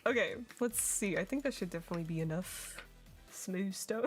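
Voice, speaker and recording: A woman's voice: fairly low pitch, moderate pace, faint music behind. A young woman streaming a game, chatting casually and giggling as she reads her chat.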